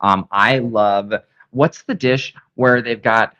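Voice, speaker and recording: A man co-hosting a casual live stream, hoarse, enthusiastic and rambling with many fillers. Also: medium pitch, fairly even intonation, takes it slowly, pushed and bright. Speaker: co-host.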